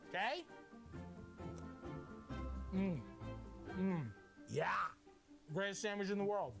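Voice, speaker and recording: Lively, playful man cooking over loud music. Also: high-pitched, takes it slowly, vocal fry, pauses often. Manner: playful, excitable, crude jokes. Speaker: cooking show host. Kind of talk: energetic cooking demonstration.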